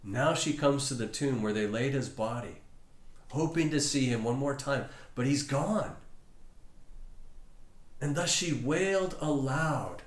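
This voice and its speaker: A male pastor preaches a sermon and tells the story dramatically, leaving long pauses. His voice sits at a middle pitch, and the sound carries the echo of a roomy church hall.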